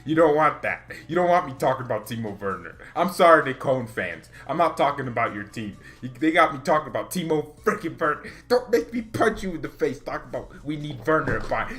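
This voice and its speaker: A man's voice: medium pitch, very animated, fairly quick, few pauses, a bit bright. A man hosting his own fan channel, ranting heatedly in a casual way with an exasperated manner and bursts of laughter. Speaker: football fan channel host.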